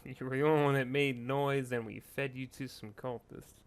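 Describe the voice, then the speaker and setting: A man's voice: medium pitch, brisk, clean tone. A man chatting and joking as a player in a tabletop game over an online call. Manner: relaxed, joking table talk. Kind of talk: casual tabletop play.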